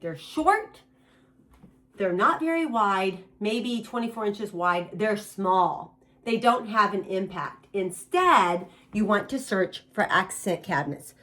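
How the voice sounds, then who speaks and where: A woman's voice: mid-range voice, unhurried. A middle-aged woman giving a casual home design tutorial in her bedroom, offering emphatic advice straight to her viewers. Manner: emphatic, animated advice with direct address to viewers.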